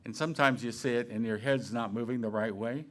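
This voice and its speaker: A man giving a Sunday talk in a relaxed, conversational way, with playful asides and questions to himself. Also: medium pitch, fairly quick. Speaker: minister. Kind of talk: sermon.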